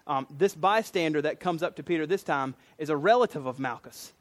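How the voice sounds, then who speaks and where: A man with a Southern US accent preaches in an easy, conversational way. His voice sits high for a man, and he slips into voices for the quotes he tells. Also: a little fast. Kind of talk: sermon.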